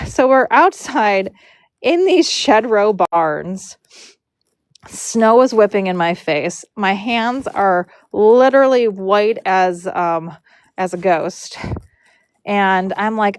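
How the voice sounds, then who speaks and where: A woman's voice: medium pitch, expressive, takes it slowly, dry recording. Chatty woman telling a story on a live stream. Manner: chatty, rambling, lots of fillers and restarts.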